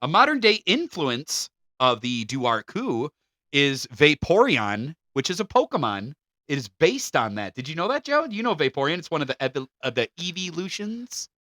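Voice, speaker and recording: A man co-hosting a casual podcast, his voice bright and a little high, swinging up and down as he reads notes aloud and breaks into laughs. The close mic sounds dry and near. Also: big pitch swings, normal speed, no room sound. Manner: reads from notes, laughs often, stumbles on names. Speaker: podcast co-host.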